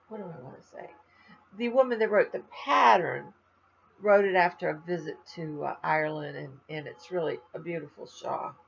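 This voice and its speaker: A woman's voice: sits low, creaky, slightly rough, highs cut off. An older woman from Florida, a crafting vlogger, chatting in a rambling, tired, slightly stuffy way to her viewers. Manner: rambling, chatty, trails off with fillers. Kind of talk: rambling casual chat to viewers.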